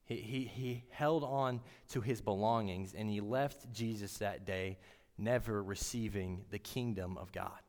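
A man giving a sermon in an earnest, halting way, often restarting his words. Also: fairly low pitch, darkish tone, big-room sound. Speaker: preacher.

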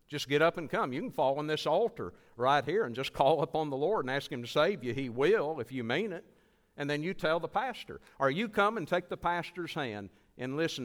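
Pleading preacher in an echoing church. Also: male voice, medium pitch. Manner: earnest, pleading, repeats phrases. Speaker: evangelist preacher. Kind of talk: altar call sermon. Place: church sanctuary. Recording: long church hall reverb.

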